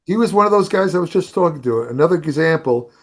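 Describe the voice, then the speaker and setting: An older man spins long, meandering stories in a fairly high speaking voice for a man, stumbling over restarts and circling back to names. He sounds like a guest reminiscing on a podcast. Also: lively intonation, fast talker. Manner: rambling anecdotes with restarts and laughs. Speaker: guest, bodybuilding writer. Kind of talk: casual storytelling on a podcast.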